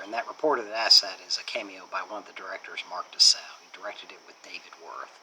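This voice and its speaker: A man's voice: on the low side, a little fast, bright, forceful tone, a little hiss or hum, rough recording. A man casually recapping a movie plot as a reviewer, rambling along with lots of fillers. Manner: rambling retelling with many fillers.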